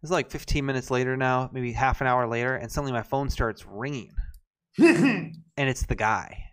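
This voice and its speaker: A man chatting on a podcast, spinning a long, meandering anecdote full of fillers and false starts. His voice is smooth and clear, sitting in an ordinary middle pitch. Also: expressive, normal speed. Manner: rambling anecdotes with many fillers and restarts. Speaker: podcast co-host. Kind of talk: casual chat, storytelling.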